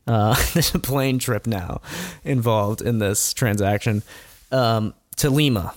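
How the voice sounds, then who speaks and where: A man's voice: medium pitch, measured pace, dry recording, clean studio sound. A man telling a true story in casual chat as host, rambling with chuckles and blunt asides.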